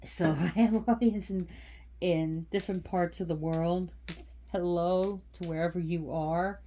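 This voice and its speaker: Slow, low-pitched woman chatting. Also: steady tone, dark tone, a little hiss or hum. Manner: rambling, repeats and restarts phrases. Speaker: channel host. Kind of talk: casual spoken talk on a goddess.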